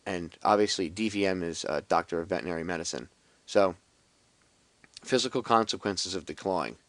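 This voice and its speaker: Low-voiced man rambling to camera. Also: fairly quick, fairly bright tone, no echo. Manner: rambling, many restarts; sarcastic. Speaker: video blogger. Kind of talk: casual explanatory monologue.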